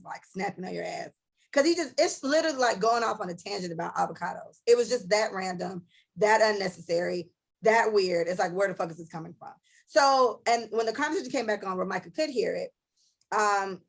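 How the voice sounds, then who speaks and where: Gravelly, husky young woman telling a story. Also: medium pitch, low-quality recording. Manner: blunt, profane storytelling that acts out both sides of arguments. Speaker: podcast co-host. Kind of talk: casual podcast chat.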